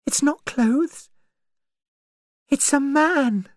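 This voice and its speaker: A woman narrator voicing a frightened young woman who speaks quietly and tensely, in a story reading. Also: on the high side, animated, moderate pace, dry recording, studio quality, pitched above the performer's own voice.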